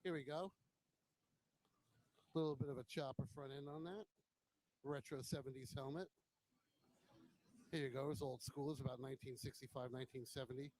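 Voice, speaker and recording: A man's voice: mid-range voice, fairly even intonation, moderate pace, long pauses, darkish tone, low-quality recording. A man hosting a motorcycle vlog, walking around a bike show with a handheld camera and giving casual, admiring commentary on each bike, now and then swearing bluntly. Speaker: motovlog host.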